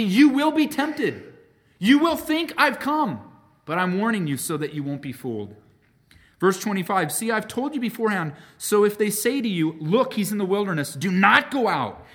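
A male pastor delivers an emphatic sermon in a lively, animated voice that climbs high and falls low. He leans hard on key words, then drops almost to a murmur. He speaks straight to his congregation and calls them friends. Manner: emphatic preaching with wide swings between loud peaks and quiet drops.

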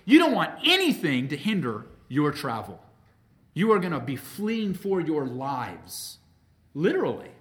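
A male pastor delivers an emphatic sermon in a lively, animated voice that climbs high and falls low. He leans hard on key words, then drops almost to a murmur. He speaks straight to his congregation and calls them friends. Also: unhurried. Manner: emphatic preaching with wide swings between loud peaks and quiet drops.

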